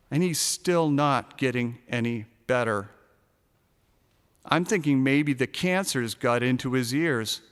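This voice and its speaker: A man narrating a first-person short story in a sardonic, darkly comic way, now and then shouting a punchline. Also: medium pitch, a little slow, clean tone, in a large hall.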